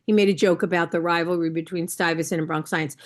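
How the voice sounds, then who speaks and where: A woman's voice: lowish voice, fairly even intonation, fast talker. A woman coach training new judges over a video call, talking in a conversational, instructive way and often checking in with the listeners. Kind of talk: online training session.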